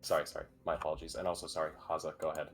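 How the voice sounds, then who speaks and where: A man playing a tabletop game, describing his character's actions in a quiet, muttering way. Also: very deep voice, flat delivery, rapid-fire, slightly rough, faint music behind. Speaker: player.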